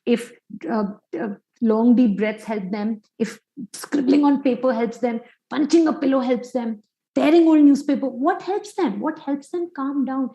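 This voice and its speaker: Woman coach with a mellow voice. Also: high-pitched, unhurried, low-quality recording. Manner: warm coaching tone, rhetorical questions, fillers. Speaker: clinical psychologist and parenting coach. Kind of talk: webinar talk answering a question. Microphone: video call.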